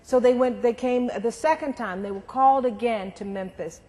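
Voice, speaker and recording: A woman's voice: fairly high pitch, moderate pace. Middle-aged woman, guest speaker, storytelling to a student audience, long hall reverb. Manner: warm, animated storytelling with acted quotes. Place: lecture hall.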